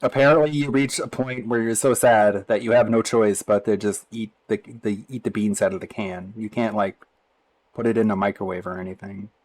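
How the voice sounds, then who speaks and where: A man's voice: lowish voice, steady tone, normal speed, a little mellow, rough recording. Sarcastic man mocking tweets on stream. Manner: laughs often between remarks. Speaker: live streamer. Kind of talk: stream commentary reacting to tweets.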